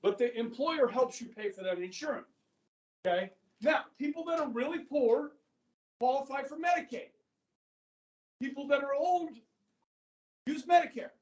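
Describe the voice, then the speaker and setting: A high school government teacher in his fifties lecturing a class in a chatty way, often checking in with the students. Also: moderate pace, pauses often, a little mellow, dull audio. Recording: echoey classroom from far off.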